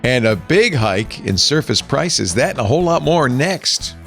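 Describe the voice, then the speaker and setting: Upbeat male tech-show host with a bouncy, playful delivery and lots of pitch movement. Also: a little slow, creaky, soft background music. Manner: lively, jokey, upbeat. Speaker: podcast host. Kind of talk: tech podcast chat.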